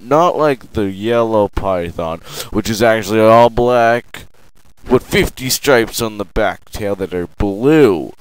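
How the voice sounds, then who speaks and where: A young man doing a rambling sit-down comedy monologue, meandering with lots of fillers and sudden loud outbursts. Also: medium pitch, clean tone, no echo, low-quality recording. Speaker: amateur comedian.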